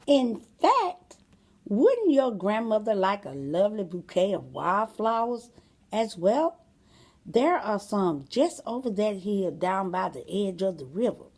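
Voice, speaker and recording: A woman voicing a sly, smooth-talking male wolf in a storybook reading, drawling with slow, sly pauses. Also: medium pitch, very animated, a little mellow, full character voice.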